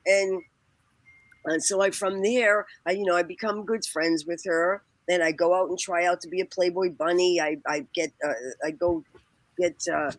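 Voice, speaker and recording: A woman's voice: on the low side, steady tone, moderate pace, no echo. A woman guest telling a rambling, profane story in casual chat, laughing often and acting out the people she quotes. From Boston area. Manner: laughs often, swears, acts out quoted voices.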